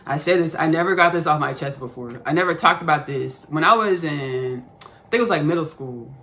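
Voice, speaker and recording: A woman's voice: deep voice, brisk, pushed and bright. A woman in her thirties with a Texan Southern accent, rambling casually through a spiritual podcast monologue full of repetition and jargon. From Austin, Texas. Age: 30s. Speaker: podcast host.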